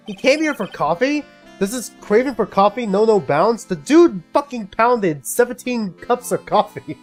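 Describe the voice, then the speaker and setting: A man's voice: sits high, normal speed, faint music behind. A man streaming a game, commenting casually with lots of swearing and exasperation. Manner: profane, exasperated, animated. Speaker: let's-play streamer.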